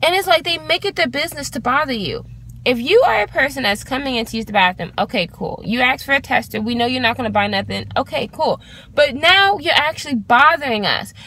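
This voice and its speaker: A woman in her twenties telling an exasperated storytime rant to her vlog, swearing freely and talking in an animated way. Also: high voice, a little fast, a little hiss or hum. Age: 20s. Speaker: vlogger.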